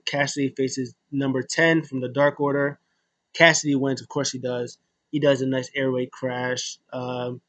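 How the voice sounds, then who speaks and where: A man's voice: mid-range voice, fairly bright tone, no echo. A young man casually recapping a wrestling show, rambling with many fillers and restarts.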